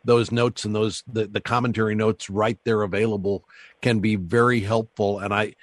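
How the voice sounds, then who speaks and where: A man hosting a call-in radio show, talking callers through ideas and slowing down to stress words as he teaches. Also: on the low side, flat delivery, no room sound. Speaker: radio host.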